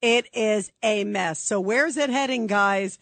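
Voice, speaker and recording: A woman hosting a radio talk show, sarcastic and animated, mocking and doing impressions as she talks. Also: mid-range voice, measured pace.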